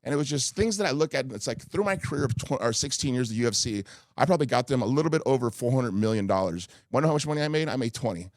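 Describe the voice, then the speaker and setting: A man's voice: medium pitch, lively intonation, racing, no room sound, clean studio sound. A middle-aged man, a guest in a candid podcast talk, speaking in heated bursts with stammered restarts. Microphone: studio mic.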